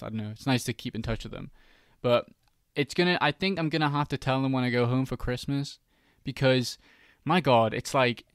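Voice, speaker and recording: A young man hosts a podcast and talks in an easygoing, candid way. His voice is smooth and clear. It is recorded close and dry, with no room around it. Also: medium pitch, fairly bright tone, no echo. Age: young adult, university student. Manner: easygoing, laughs along, candid. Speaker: podcast host. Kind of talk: casual podcast chat.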